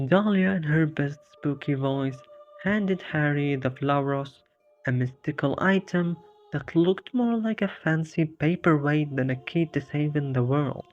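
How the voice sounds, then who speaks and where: A dry, jokey narrator telling a comedic horror parody as scripted narration. The pitch sits in an even middle range. The sound is dull and lo-fi, with faint music in the background. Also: measured pace.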